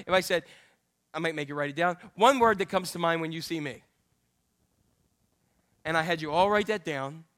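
A middle-aged male pastor preaching a candid, self-deprecating sermon full of jokey asides and sudden high exclamations. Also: sharp tone. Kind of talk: humorous conversational sermon.

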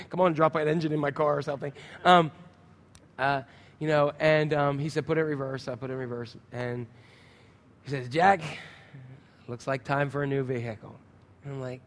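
A man preaching a sermon, telling a story and acting out the sounds and his own inner thoughts, often asking the congregation questions. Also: a little high. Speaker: pastor. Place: church sanctuary. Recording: church hall reverb.

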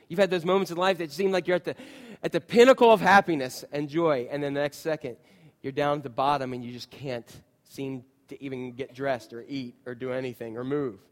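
Male pastor, thirties, high voice, chatty storytelling sermon style. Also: in a large hall. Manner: conversational, storytelling with voiced quotes. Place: church.

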